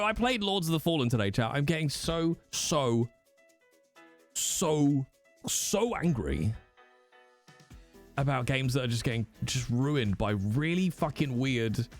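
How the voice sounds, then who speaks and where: A man, chatting casually and swearing freely as he talks to his stream viewers. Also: a little high. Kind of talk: casual livestream chat. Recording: faint music behind.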